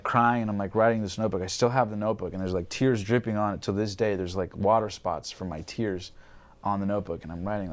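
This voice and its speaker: A man in his twenties, a podcast guest, telling his personal story candidly, swearing freely and acting out his past thoughts. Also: on the low side. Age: 20s.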